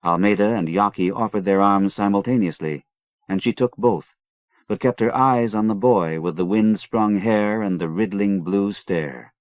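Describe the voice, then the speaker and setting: Deep-voiced man narrating a novel. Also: moderate pace, dry recording. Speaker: audiobook narrator.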